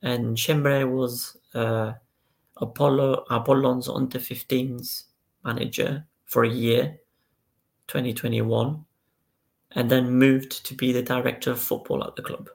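A man's voice: mid-range voice, level tone, a little slow, gravelly. A man co-hosting a casual football podcast, recounting the news step by step and reading out statements. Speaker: podcast co-host.

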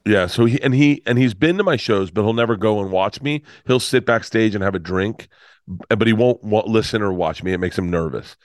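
A man's voice: lowish voice, brisk, no room sound, clean studio sound. A man in his fifties, a comedian guest telling a rambling story full of restarts and swearing. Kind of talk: storytelling in conversation.

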